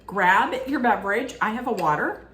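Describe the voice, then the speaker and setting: A middle-aged woman recapping a reality show in a casual, rambling way, often correcting herself mid-sentence and throwing in animated asides. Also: medium pitch, normal speed, noisy background. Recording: echoey room with faint ambience.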